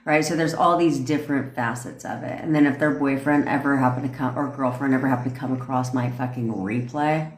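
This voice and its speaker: A woman's voice: rumbling low, fairly even intonation, a little fast, hardly any pauses, reverberant. A woman who coaches manifestation, chatting loosely on a livestream, swearing and laughing often between rambling points. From North America. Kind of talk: casual livestream chat.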